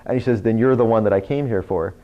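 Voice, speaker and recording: This fairly low-pitched man talks fast; he hosts an internet radio show and is giving a live talk to a speakers' group in a meeting room. He's an animated storyteller, peppering his tales with "you know" and "right?", and the recording is dull and lo-fi.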